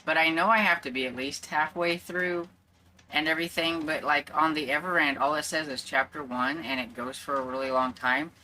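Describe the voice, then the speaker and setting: Chatty woman with a low, bright voice. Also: steady tone, normal speed, a little hiss or hum. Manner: rambling and chatty, with many fillers. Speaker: book vlogger. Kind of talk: casual chat. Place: at home.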